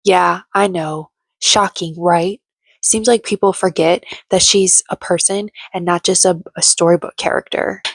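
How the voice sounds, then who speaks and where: Brief: young woman, low-ish voice, gossipy and sarcastic recap chatter, dry close recording. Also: steady tone, measured pace, gravelly, no echo. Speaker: reality TV recap vlogger. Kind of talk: casual chatty commentary.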